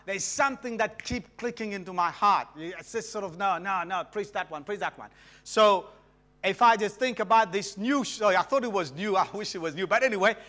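A middle-aged man from Mauritius, preaching a sermon as a guest and calling for responses from the congregation. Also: high voice. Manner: animated, calls for audience responses.

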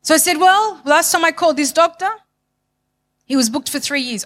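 A woman giving a passionate church testimony, emphatic and repetitive, swinging from loud to hushed. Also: sits high, moderate pace.

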